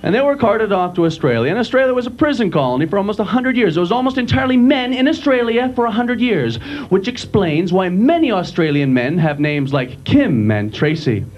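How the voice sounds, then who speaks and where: A man doing a stand-up comedy set on a club stage, lively and quick to slip into silly accents. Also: sits high. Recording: dull lo-fi live club recording. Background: audience laughter and room noise.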